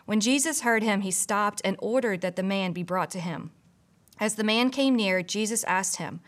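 A woman's voice: mid-range voice, moderate pace. A woman from a church staff giving a casual, earnest devotional, full of "you know" asides. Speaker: church pastor or staff member. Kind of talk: conversational devotional teaching.

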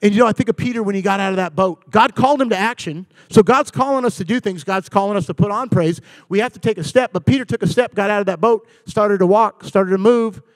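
High-voiced animated preacher, dry sound. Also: male voice, quick pace, few pauses, no echo. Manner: animated, acts out voices of people in his stories. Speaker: pastor. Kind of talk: sermon. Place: church.

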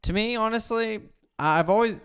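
A man's voice: high-pitched, moderate pace, smooth. A man guest on a beer podcast, giving his opinion hesitantly and correcting himself as he goes. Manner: hesitant, lively, self-correcting. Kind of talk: casual chat.

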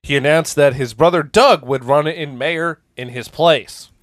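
A man's voice: a little high, measured pace, no room sound. Man, podcast host, jokey and casual, close and dry. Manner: jokey, laughs often, mildly profane. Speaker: podcast host presenting a topic. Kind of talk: casual comedic podcast chat.

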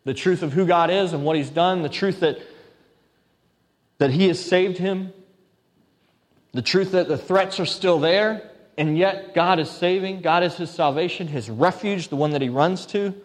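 A man's voice: high-pitched, a little slow, big-room sound. A man preaching a sermon, reading scripture in an earnest, pleading way and mixing in conversational asides. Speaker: pastor.

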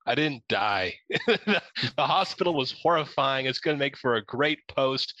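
Young man from Ohio, animated storyteller, bright tone, dry sound. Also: a little high, moderate pace, no room sound, highs cut off. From Ohio, USA. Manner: animated, laughing, acts out his own lines.

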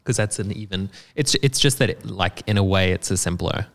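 A man with a low, gravelly voice chats loosely about software work. He explains in a laid-back way, full of fillers and offhand swearing. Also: a little fast. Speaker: software developer. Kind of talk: casual chat.

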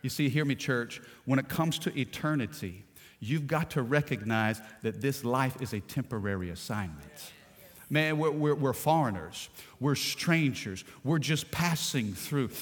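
A middle-aged man from Louisiana, preaching a sermon in a storytelling way that swings from hushed to shouting. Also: mid-range voice, animated, moderate pace, long reverb tail. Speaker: pastor.

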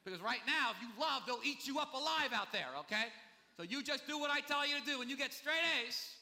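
Guy putting on a pushy parent laying down the law, loud and insistent, sharp bright voice, big echoey hall. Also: very high-pitched, animated, brisk, pitched above the performer's own voice, full character voice. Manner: insistent, raised and emphatic. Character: pushy parent lecturing their child.

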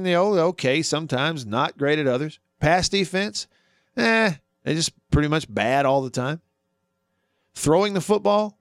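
A man's voice: fairly high pitch, smooth, dry recording, studio quality. A man hosting a sports talk radio show, arguing his points and asking listeners questions. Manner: animated, argues with himself, asks listeners questions.

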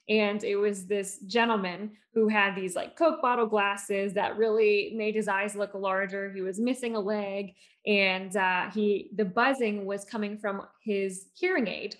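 Animated woman telling stories as a guest. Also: medium pitch. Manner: animated, with many fillers and restarts. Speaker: guest author and speech therapist. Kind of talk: conversational storytelling.

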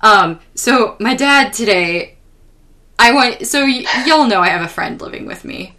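A woman's voice: on the high side, a little slow. Young woman, podcast host, profane and exasperated comic storyteller. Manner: exasperated, profane, animated retelling. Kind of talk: casual comedic storytelling.

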